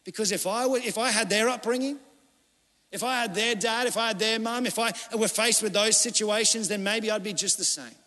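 A man's voice: sits high, brisk, bright, forceful tone. A middle-aged man, a pastor preaching a sermon in a conversational, storytelling way, acting out the people he quotes. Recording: long hall reverb.

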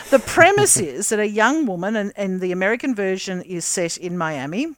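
A woman's voice: mid-range voice, very animated, moderate pace. A woman co-hosting a podcast, chatting casually and explaining with lots of ums and restarts. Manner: chatty, explains with many fillers. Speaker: podcast co-host. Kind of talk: casual chat.

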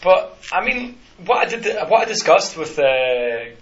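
A man co-hosts a casual football podcast, rambling with frequent restarts and fillers. His voice sits high and has a sing-song lilt at a slightly slow pace, in a roomy, somewhat dull recording with faint hiss.

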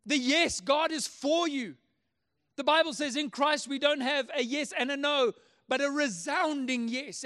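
A man's voice: extremely high pitch, bright, forceful tone. A man preaching a sermon as a pastor, earnest and emphatic, often repeating his key phrases.

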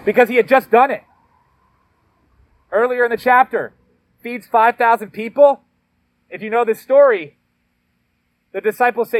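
High-voiced male pastor preaching conversationally. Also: fairly even intonation, normal speed, long pauses, dry recording. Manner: conversational, emphatic, slangy asides. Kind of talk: sermon.

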